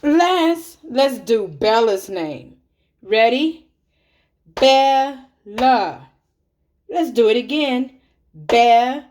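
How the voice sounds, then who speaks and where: A woman teaching little children, her voice set fairly high and moving up and down a lot. She talks very slowly and deliberately, drawing out each name and number so the kids can follow. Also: very animated, a little mellow, slight background noise. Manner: slow and deliberate, counting and clapping out names for small children. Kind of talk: slow, clear teaching to young children.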